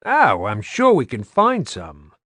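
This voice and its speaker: A tough older female soldier speaks in a measured, careful way, voiced by a man reading an audiobook. Her tone sits a little above the narration. The recording is dry and close. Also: mid-range voice, wildly swooping pitch, pushed and bright, breathy edge, no room sound, pitched above the performer's own voice, exaggerated voice.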